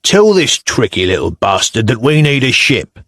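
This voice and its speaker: A man's voice: medium pitch, sing-song, normal speed, fairly bright tone, no room sound, studio quality. A male narrator voicing a blunt, grumbling Viking warrior in an audiobook. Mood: gruff.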